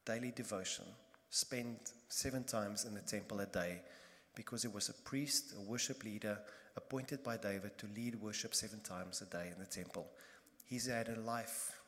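A man preaching a sermon as pastor, emphatic and impassioned, repeating phrases and swinging between loud bursts and hushed moments. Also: lowish voice, moderate pace. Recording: long reverb of a large hall.

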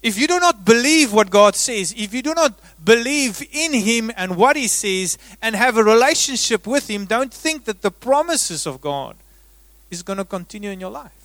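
A man with a high voice preaches a sermon, rising to loud emphasis and then dropping to a near hush. His sound is dry and close, with no room around it. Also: animated, moderate pace, dry recording. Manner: dramatic swings between loud emphasis and hushed delivery. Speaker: pastor.

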